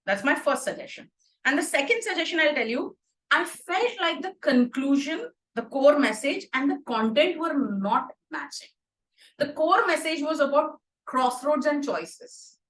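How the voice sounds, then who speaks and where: Expressive Indian woman hosting a meeting. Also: high voice, reverberant, poor audio. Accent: Indian English. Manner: warm, expressive, praising then suggesting. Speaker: meeting host, Toastmaster of the day. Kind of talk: online club meeting, giving feedback.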